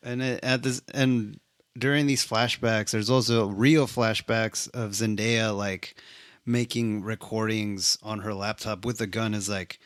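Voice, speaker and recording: A man's voice: fairly low pitch, level tone, unhurried, clean tone, no echo, studio quality. A man casually recapping a film, laid-back and swearing freely. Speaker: movie reviewer. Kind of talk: casual chat.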